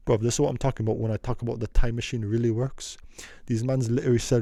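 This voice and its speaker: Mellow young man rambling through a story. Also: mid-range voice, level tone, quick pace, vocal fry, no room sound, studio quality. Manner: slangy, meandering, repeats himself. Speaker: vlogger telling a story.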